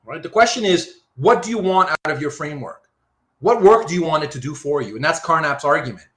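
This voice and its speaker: A man giving a philosophy lecture, animated and repetitive, often checking whether his students follow. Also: high voice, echoey room. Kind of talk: university lecture.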